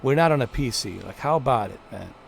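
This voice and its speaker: A man's voice: mid-range voice, lively intonation, quick pace, vocal fry, slight background noise. A man streaming a flight game, giving chatty, playful live commentary to his viewers. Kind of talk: casual gameplay commentary.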